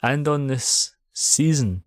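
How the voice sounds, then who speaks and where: A man's voice: mid-range voice, animated, takes it slowly, no room sound, studio quality. Jokey Scottish man on a podcast. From Scotland. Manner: jokey, laughs often. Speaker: podcast co-host. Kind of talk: casual chat.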